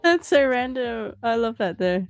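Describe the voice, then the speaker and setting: A woman's voice: fairly high pitch, lively intonation, a little slow, faint music behind. A woman hosting a live trading stream in casual chat, playful, laughing often and reading viewer messages aloud.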